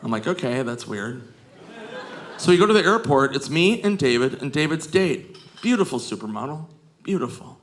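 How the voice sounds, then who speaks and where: A man telling stories on a comedy stage, animated, acting out the people in his stories and laughing at his own jokes. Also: medium pitch, normal speed. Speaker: stand-up comedian. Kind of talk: stand-up storytelling. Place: comedy stage before a live audience. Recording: live crowd laughter and noise.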